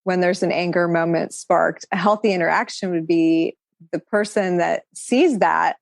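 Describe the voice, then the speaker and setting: A woman with a lower voice speaks as a podcast guest, musing in long flowing thoughts. Her talk is reflective and spiritual, full of casual fillers. The sound is dry and close. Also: moderate pace, gravelly, dry recording. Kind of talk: casual conversational interview.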